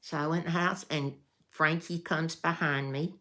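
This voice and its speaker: A woman vlogger with a low-sitting, pushed and bright voice speaks at normal speed in a steady tone. She tells a story casually, in a folksy, meandering way full of restarts and fillers.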